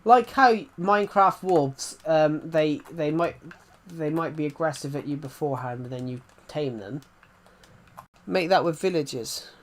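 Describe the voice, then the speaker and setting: Rambling young man streaming, slightly high. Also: unhurried. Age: 20s. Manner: rambling, often restarts and repeats phrases. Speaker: live streamer. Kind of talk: casual live-stream chat.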